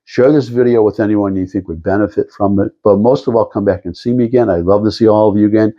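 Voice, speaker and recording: A man's voice: lowish voice, fairly even intonation, fast, lo-fi sound. An older man talking to camera in a rambling, meandering monologue with lots of restarts and asides. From Detroit area. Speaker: vlogger.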